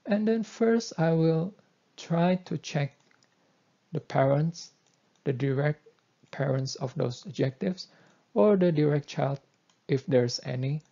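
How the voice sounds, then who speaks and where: A man lectures through a coding tutorial at a slow, deliberate pace, pausing on fillers. His voice is dark and husky, and it is set a little high for a man. The recording sounds dull and lo-fi. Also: animated.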